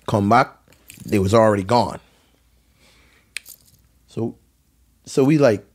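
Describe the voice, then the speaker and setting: A man's voice: mid-range voice, a little slow, long pauses. A man from the US Virgin Islands with a Caribbean accent, telling a story as a podcast guest in a laid-back, rambling, slangy way. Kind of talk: animated storytelling.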